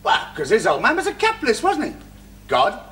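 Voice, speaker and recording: Cheeky Liverpool lad. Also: male voice, sits high, huge pitch swings, brisk, a bit bright, a little hiss or hum, full character voice. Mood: teasing. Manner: teasing, provocative. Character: cheeky, mocking young Liverpudlian lefty son-in-law. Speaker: sitcom character.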